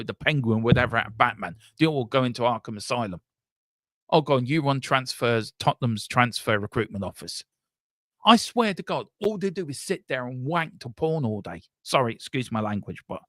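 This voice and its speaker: A man rants on a live football fan stream, angry and sweary, circling back over the same points again and again. His voice sits at a middling pitch. The sound is dry and close, with no room around it. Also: fairly bright tone, no echo. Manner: angry, sweary, repetitive ranting. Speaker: fan channel host.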